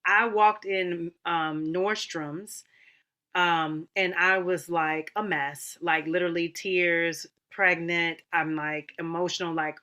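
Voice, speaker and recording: A woman opera singer and mother telling her story in an animated, casual way in a panel chat, calling people honey and girl. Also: fairly low pitch, slow pace.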